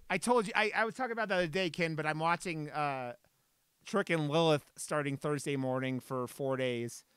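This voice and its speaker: A man's voice: a little high, a bit bright, smooth, no room sound. A man live-streaming from his desk at home, chatting in a playful way and swearing casually.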